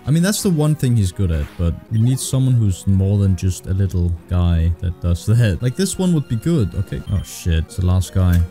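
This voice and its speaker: A young man streams a video game, talking fast and loose, swearing and ranting whenever things go wrong. His voice sits fairly low and sounds deeply mellow and dark. Faint game music plays behind him. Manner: excitable, swears a lot, frustrated ranting. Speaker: gaming streamer. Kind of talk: casual gameplay commentary.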